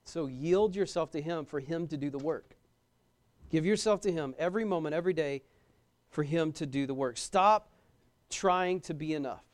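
High, clear-voiced male preacher. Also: fairly quick, darkish tone. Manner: emphatic, repeats key phrases, asks the audience questions. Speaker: pastor. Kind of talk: sermon.

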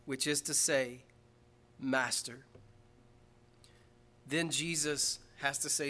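A man preaching an Easter-style sermon in a bright, forceful voice pitched a little high. He moves from quiet earnest stretches to loud, emphatic climaxes, reading scripture aloud along the way. Recorded in a church. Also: fairly even intonation, takes it slowly, long pauses. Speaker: pastor.

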